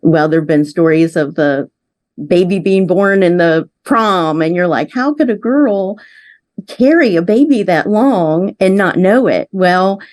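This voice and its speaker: A woman's voice: fairly low pitch, animated, measured pace, a little mellow. A woman guest in an interview, candidly telling a personal story in a chatty way. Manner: candid, chatty, frequent affirming yeahs.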